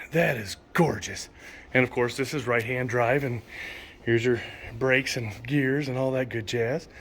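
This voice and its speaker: A man's voice: medium pitch, fairly bright tone. A man casually narrating a walk through a car museum, enthusiastically reading exhibit signs aloud and sometimes stumbling over names. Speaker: vlogger touring a car museum. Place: indoor car museum hall.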